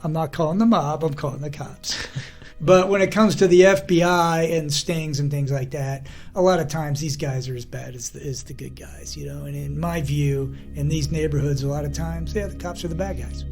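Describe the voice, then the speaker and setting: A man's voice: fairly high pitch, steady tone, normal speed, creaky, darkish tone, soft background music. Chatty rambling podcast man. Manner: rambling, storytelling, frequent "you know". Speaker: podcast co-host. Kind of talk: casual chat.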